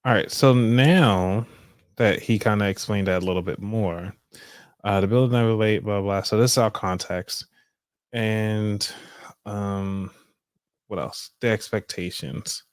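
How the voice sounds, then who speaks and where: A man's voice: fairly low pitch, steady tone, unhurried, smooth, no echo, clean studio sound. A man hosting a live money show, talking loosely and offhandedly with trailing asides. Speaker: podcast host. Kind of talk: casual live demonstration.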